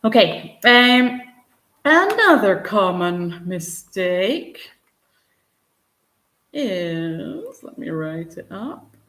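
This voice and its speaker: A woman's voice: mid-range voice, very animated, very slow, long pauses, fairly bright tone. A woman teaching English in a live online lesson, patient and encouraging, answering viewers by name. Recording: roomy echo.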